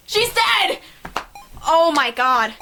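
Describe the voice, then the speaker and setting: A young woman playing a story game, reading the lines aloud and reacting emotionally, with shouts and laughter. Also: very high voice, noisy background. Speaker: game streamer.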